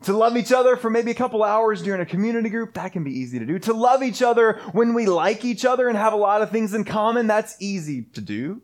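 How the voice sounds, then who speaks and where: A man's voice: sits high, fairly quick, hardly any pauses. A man preaching a sermon as pastor, earnest, building points through repeated phrases. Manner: earnest, repetitive preaching cadence.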